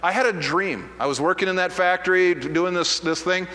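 Male pastor, high and bright, conversational sermon storytelling, long hall reverb. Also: normal speed. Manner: conversational, self-deprecating storytelling with many restarts.

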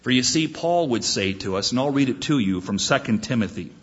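A male pastor preaches a sermon, building his points through emphatic storytelling. His voice sits at an ordinary pitch with a husky edge. The recording is dull and lo-fi. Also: lively intonation, brisk, a bit bright.

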